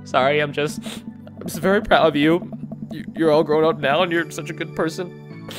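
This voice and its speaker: A man's voice: mid-range voice, animated, fast, over music, close to an everyday voice. A man reading the lines of a goofy, sentimental single dad in a game. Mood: tender. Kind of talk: reading game dialogue aloud.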